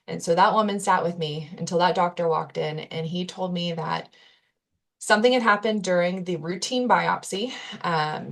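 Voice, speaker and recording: A woman with a lowish voice for her sex talks through a personal story as a podcast guest. She sounds earnest and candid, with casual fillers and self-corrections along the way. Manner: earnest, candid retelling with frequent "like" and restarts.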